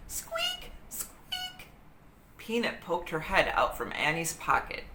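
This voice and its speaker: A woman reading a children's book aloud in an expressive, dramatic storytelling manner. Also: sits low, moderate pace. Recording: roomy echo with faint hiss.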